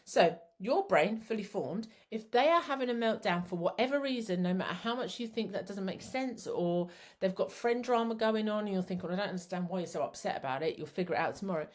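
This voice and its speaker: A middle-aged woman talks parents through an idea in a loose, chatty way, circling back and repeating herself as she goes. She sounds like a therapist at ease with her audience, speaking at an ordinary pitch for a woman. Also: expressive, fairly quick. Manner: chatty, rambling, self-described waffler. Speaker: psychotherapist and parenting coach. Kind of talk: casual teaching talk.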